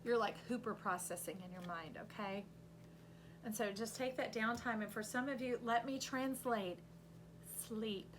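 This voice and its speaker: A woman reading tarot cards aloud in an animated, coaching way, with sudden loud bursts. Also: fairly high pitch, a little slow, a little hiss or hum. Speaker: intuitive tarot reader.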